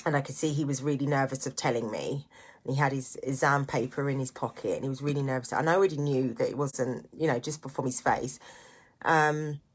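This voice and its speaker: Low-voiced earnest woman vlogging. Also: fairly even intonation, fairly quick, slightly rough. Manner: earnest, reflective, motivational. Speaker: vlogger and single parent. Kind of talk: candid personal vlog monologue.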